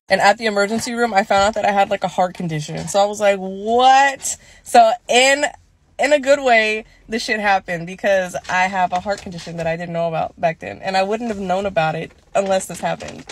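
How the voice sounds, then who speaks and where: A woman's voice: medium pitch, a little fast. A woman tells a personal story in a casual storytime way. She is candid and chatty, laughs along, and acts out what people said.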